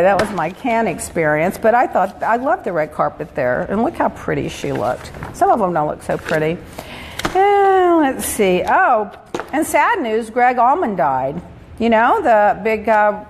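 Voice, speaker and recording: A woman hosting a casual gossip show, telling animated stories and laughing as she goes. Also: mid-range voice, slight background noise. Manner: chatty, animated storytelling with laughs. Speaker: host. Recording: roomy reverb with faint ambience.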